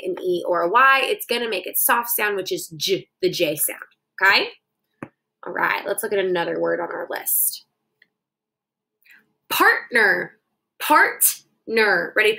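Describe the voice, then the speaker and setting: A woman's voice: medium pitch, creaky, bright, forceful tone, poor audio. A young woman teaching children a phonics dictation lesson, sounding out words syllable by syllable into her phone.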